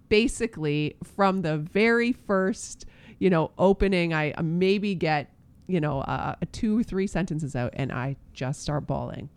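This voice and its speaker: A man, a pastor, telling a personal faith story in casual chat, earnest and halting with many fillers and restarts. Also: on the high side, clear, resonant tone, dry recording.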